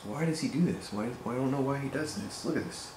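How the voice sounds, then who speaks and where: A man joking around crudely in a relaxed chat while drawing. His voice sits at a middle male pitch. It sounds roomy, with faint noise underneath. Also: fast talker.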